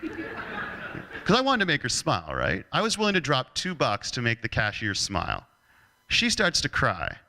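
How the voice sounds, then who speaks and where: Animated, bright-voiced man. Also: medium pitch, a little fast. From Canada. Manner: animated, joking storyteller. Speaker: keynote speaker. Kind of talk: motivational talk with humorous storytelling.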